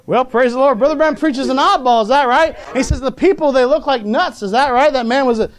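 A man's voice: extremely high pitch, a little fast. A man preaching a sermon as pastor, repeatedly asking the congregation for an amen, with chuckling asides.

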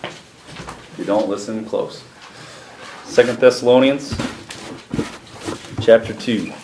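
Guy preaching in church, reads scripture slow, prays, kinda echoey room. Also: lowish voice, background noise. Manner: slows and lifts his voice for emphasis, responsive to the congregation. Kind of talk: sermon with scripture reading and prayer. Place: church sanctuary with congregation.

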